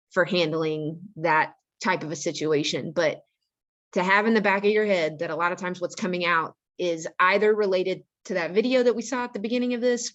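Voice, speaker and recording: A woman on the staff of a school, talking earnestly and practically to parents and giving them advice on handling angry teenagers. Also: on the low side. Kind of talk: informal parent-education talk.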